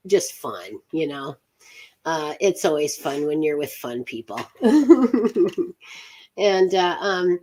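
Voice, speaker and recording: A woman's voice: sits low, a little mellow. A woman from upstate New York hosting a witchcraft chat show, talking in a rambling, chatty way with frequent laughter. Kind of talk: casual live chat.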